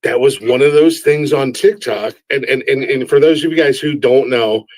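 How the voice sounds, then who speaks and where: A man hosting a casual live-stream interview, excitable and stammering through restarts, swearing freely. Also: medium pitch, moderate pace, no room sound, low-quality recording. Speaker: host.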